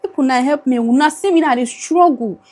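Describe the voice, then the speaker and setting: A young Nigerian woman with a high voice talks into her phone camera in an emotional vlog. Her Nigerian accent colours every line as she pleads in a tired, worn-down way, moving between English and Pidgin. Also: fast talker, a little mellow. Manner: pleading, weary, switches into Pidgin. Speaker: vlogger.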